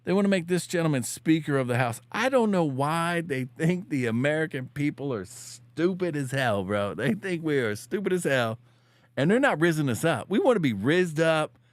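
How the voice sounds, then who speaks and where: A man hosts a casual political commentary show in a loose, slangy, joking way, now and then shouting a catchphrase. His pitch swings widely. The sound is dry, with no room in it. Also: very animated, normal speed, no room sound.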